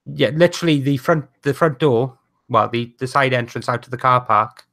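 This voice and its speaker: A man narrating as game master of a tabletop role-playing game, casual and slightly halting. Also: mid-range voice, bright, forceful tone.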